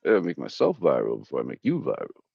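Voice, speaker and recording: A man's voice: extremely low pitch, wildly swooping pitch, fast talker, gravelly, breathy edge, dry recording. A man chatting casually on a stream, laughing often and bantering with friends. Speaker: stream guest. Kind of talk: casual chat. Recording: dull lo-fi dry mic.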